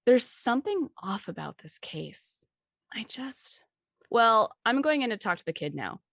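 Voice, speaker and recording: A woman's voice: a little high, very animated, a little slow, gravelly, fairly bright tone, dry recording, studio quality, voice pushed up, heavily acted. A woman voicing a female police detective who speaks in an earnest, uneasy way.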